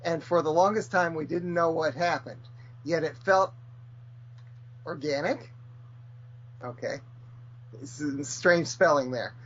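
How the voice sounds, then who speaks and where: A man co-hosting a podcast, reading listener feedback aloud in a steady, measured way. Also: fairly high pitch. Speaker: podcast co-host. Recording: slightly dull audio.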